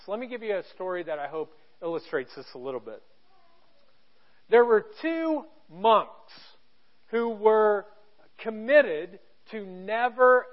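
A male pastor preaching a sermon to his church, telling a story with emphasis and sudden drops to a hush. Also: high voice, lo-fi sound. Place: church auditorium.

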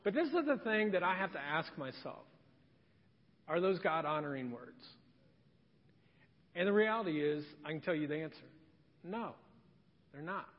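A middle-aged man preaching a sermon as a pastor, telling stories in an animated, conversational way. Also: on the high side, moderate pace, pauses often. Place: church sanctuary. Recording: dull sound with long hall reverb.

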